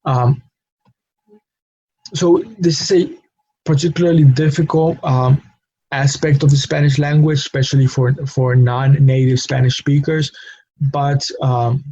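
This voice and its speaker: A man teaching a language lesson, explaining pronunciation rules slowly with many fillers and repeating each example word. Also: medium pitch, steady tone, dark tone, husky. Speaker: Spanish teacher. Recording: dull lo-fi recording.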